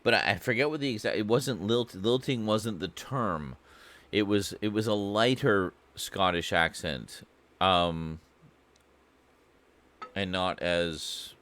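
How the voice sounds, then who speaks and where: A man's voice: fairly low pitch, fairly bright tone. A Canadian man streaming a game, chatting casually in a rambling, profane, self-mocking way. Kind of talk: casual chat while gaming.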